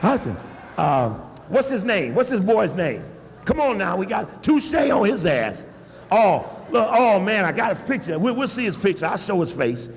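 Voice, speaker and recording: A man giving an animated, emphatic public talk with blunt asides. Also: high-pitched, normal speed, in a large hall, slight background noise. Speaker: public speaker.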